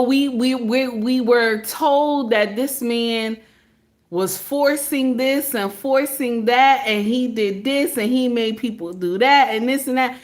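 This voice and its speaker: A woman's voice: on the high side, a bit bright. A woman vlogger giving casual commentary, chatty and repetitive, often breaking into laughter.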